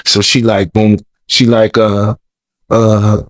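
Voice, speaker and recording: A man's voice: lowish voice, flat delivery, slow pace, no echo. A man telling a long story as an interview guest, rambling, repeating words, and talking in loose slang. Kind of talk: casual storytelling.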